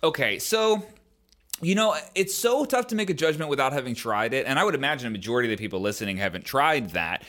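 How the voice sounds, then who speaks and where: A man's voice: medium pitch, very animated, fast talker, fairly bright tone. A man co-hosting a podcast, talking casually and rambling with many fillers and hedges. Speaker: podcast co-host.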